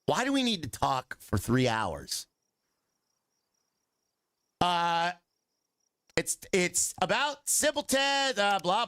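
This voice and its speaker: A man's voice: on the high side, big pitch swings, unhurried, pauses often, fairly bright tone, smooth, no room sound, clean studio sound. A man streaming a game, joking and chatting with his viewers and groaning at long dialogue. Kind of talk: casual live gaming commentary.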